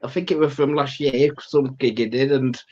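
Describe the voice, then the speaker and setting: A man's voice: mid-range voice, fairly even intonation, moderate pace, dark tone. A man in his fifties chatting on a live show, telling jokes and laughing a lot. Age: 50s. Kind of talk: casual live chat. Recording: dull lo-fi sound.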